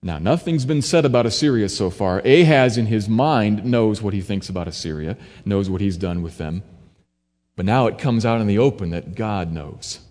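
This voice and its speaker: A man's voice: on the low side, lively intonation, moderate pace, a little mellow. A man preaching a sermon, explaining scripture verse by verse in a teaching manner. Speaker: pastor. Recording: long hall reverb.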